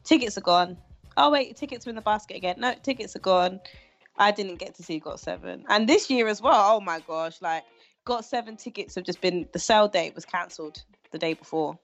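A woman's voice: mid-range voice, moderate pace, lo-fi sound, faint music behind. A woman from Britain, talking emphatically in casual podcast chat. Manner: animated, emphatic, laughs often.

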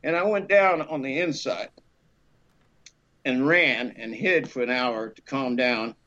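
A middle-aged male actor telling a career story on a podcast, animated and loose, jumping into the high voices of the people he quotes. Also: a little slow. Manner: animated, acts out the women he quotes in a raised voice. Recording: slightly dull lo-fi sound.

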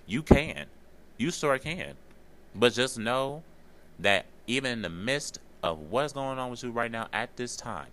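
On a solo podcast monologue, an earnest host with a fairly low, pushed, bright voice speaks encouragingly and repeats himself for emphasis. At times he becomes tearful.

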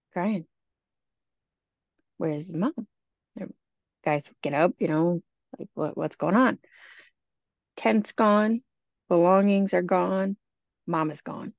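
A woman's voice: medium pitch, dry recording. A woman hosting a podcast and telling a creepy story in a chatty, casual way, full of "you know" asides. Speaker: podcast host. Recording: dull lo-fi dry podcast recording.

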